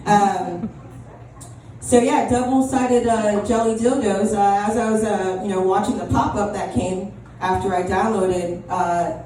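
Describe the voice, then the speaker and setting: A woman's voice: mid-range voice, fairly even intonation, a little slow, dark tone. A young woman doing an open mic stand-up set, rambling and self-deprecating with lots of ums and restarts. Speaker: stand-up comedian. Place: small comedy club. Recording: echoey room, distant mic, audible room noise.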